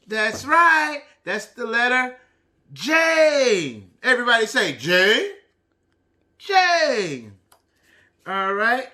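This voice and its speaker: Slow, bright-voiced man teaching preschoolers. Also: very high voice. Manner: animated, sing-song prompting. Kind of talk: early-childhood lesson, call and response.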